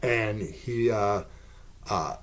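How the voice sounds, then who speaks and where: A man hosting a podcast, rambling through a casual TV recap with many fillers, jumping into high, excited bursts when he quotes characters. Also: very slow. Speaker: podcast host.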